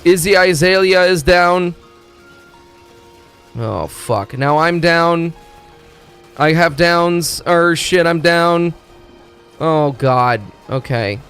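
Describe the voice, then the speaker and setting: A man streaming a video game, talking in a rambling, excitable, profane way as he plays. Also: fairly high pitch, very slow, long pauses, clear, resonant tone. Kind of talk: casual gaming commentary. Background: faint game music.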